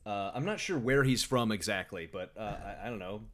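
Wry podcast host, plain voice. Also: male voice, fairly low pitch, lively intonation, a little fast. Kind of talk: casual podcast chat.

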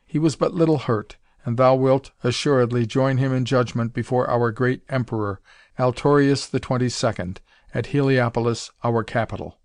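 A man's voice: moderate pace, darkish tone, dry recording, clean studio sound, close to an everyday voice. A man voicing a fierce, proud warrior officer who speaks in archaic thee-and-thou English. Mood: assured. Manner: archaic thee-and-thou speech, deep and commanding.

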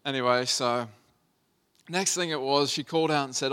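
A man's voice: medium pitch, normal speed, bright, forceful tone, smooth. A man in his thirties, a pastor, preaching a sermon by telling a personal family story in a conversational, earnest way.

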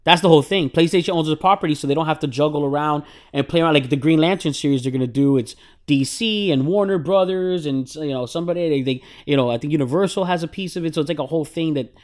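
A man chatting casually with friends on a show, jumping into side notes and rants. He laughs often and gets louder and more excited as he makes his points. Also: on the high side, fast. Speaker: podcast co-host. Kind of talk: casual chat.

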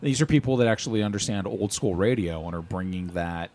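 A man's voice: on the low side, brisk, a little mellow. A man from Oregon, a podcast co-host, talking with enthusiasm in long, run-on thoughts during a casual chat.

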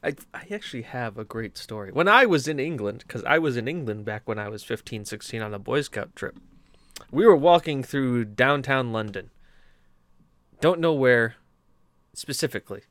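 A young man co-hosting a gaming podcast, telling stories in a casual, animated, rambling way with many restarts. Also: medium pitch, moderate pace, no echo. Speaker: podcast co-host. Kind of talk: casual storytelling chat.

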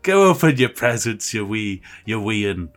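A man doing a gruff grumbling Scottish dad. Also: lowish voice, sing-song, measured pace. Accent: put-on Scottish.

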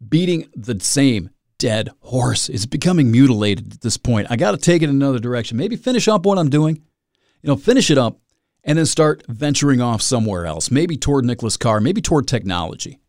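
A man's voice: mid-range voice, darkish tone, dry recording, studio quality. A man hosting a solo podcast, rambling and self-mocking with dramatic asides. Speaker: podcast host.

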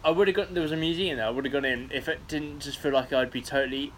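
A man's voice: medium pitch, quick pace, slight background noise. A man from England co-hosting a podcast, telling sweary stories between laughs in casual chat. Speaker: podcast co-host.

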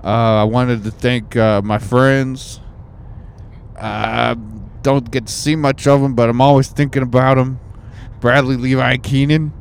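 Slow gravelly New Zealand man. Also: medium pitch, fairly even intonation, a little hiss or hum. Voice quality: gravelly, halting with many fillers. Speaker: podcast host. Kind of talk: casual podcast banter.

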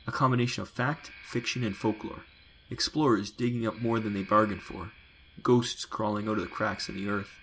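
A man reading a science fiction audiobook in a measured, descriptive way. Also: on the low side, fairly even intonation, fairly bright tone, a little hiss or hum, rough recording. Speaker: narrator. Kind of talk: scripted sci-fi audiobook narration. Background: music.

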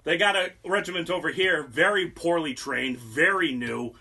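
High bright-voiced young man telling history crudely. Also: moderate pace, few pauses. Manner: profane, animated, mocking. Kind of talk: casual comic history storytelling.

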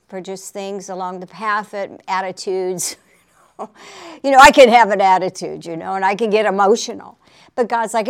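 A woman's voice: medium pitch, normal speed, smooth. A woman preaching in a chatty, conversational way on a faith talk show, laughing often and asking for an Amen.

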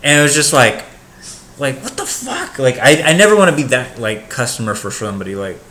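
A young man co-hosting a podcast in casual chat, animated and swearing freely as he tells stories. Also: a little fast. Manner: animated storyteller, mimics customers in high voices, swears a lot. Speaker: podcast co-host.

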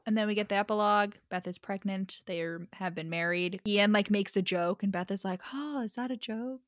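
A woman chatting casually on a book podcast, retelling the story with plenty of "like" and easy laughter. Her voice sits at a middle pitch and sounds close and dry, with no room around it. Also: fairly even intonation, fairly quick, no echo. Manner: chatty, laughs often, heavy use of "like". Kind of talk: casual chat recapping a book.

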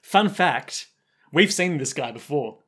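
A man with a slightly high voice chats casually as a podcast co-host. He recaps a show, laughs a lot and tosses in quick put-on lines. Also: expressive, sharp tone, slightly rough. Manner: laughs often, acts out lines in quick bits.

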